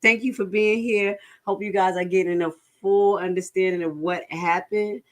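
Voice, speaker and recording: Frank, animated woman live-streamer. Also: normal speed. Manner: animated, swings into high-pitched laughing outbursts and back to low reading; frank, swears casually, addresses viewers as y'all. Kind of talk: casual live commentary reading a lawsuit.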